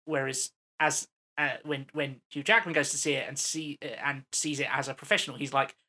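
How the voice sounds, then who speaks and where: A man's voice: medium pitch, fairly even intonation, brisk, pushed and bright. A man co-hosting a film podcast, explaining his points at length with many fillers. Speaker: podcast co-host. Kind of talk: casual film discussion.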